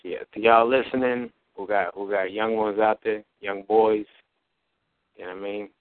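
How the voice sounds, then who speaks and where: A man's voice: fairly low pitch, fairly even intonation, normal speed, slight background noise. A father on a podcast earnestly advising listeners, often tagging his lines with "man" and "you feel me.". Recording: dry, phone-like band.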